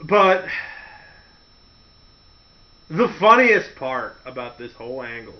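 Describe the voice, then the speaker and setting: A man's voice: medium pitch, slow pace. A man hosting a show, telling stories in a casual, comedic way, laughing often, in a lo-fi recording. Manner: animated, laughing, full of impressions. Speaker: host. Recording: dull lo-fi recording.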